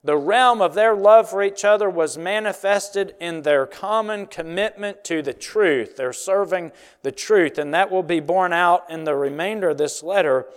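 Male preacher, fairly high voice, earnest and emphatic, long reverb of a large hall. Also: clear, resonant tone. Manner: earnest, emphatic, slows on key phrases. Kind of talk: expository sermon.

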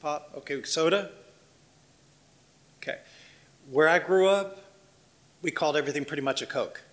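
High bright-voiced male missionary. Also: normal speed, long pauses. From Washington, D.C. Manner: anecdotal, acts out little dialogues, asks the congregation questions. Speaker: missionary speaking to a church. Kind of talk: conversational church talk.

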